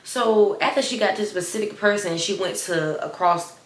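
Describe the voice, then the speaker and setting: A woman's voice: mid-range voice, moderate pace, echoey room, slight background noise. A young adult woman with a slight lisp, chatting animatedly in a casual storytime. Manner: animated, chatty, addresses viewers as y'all. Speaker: storyteller vlogger.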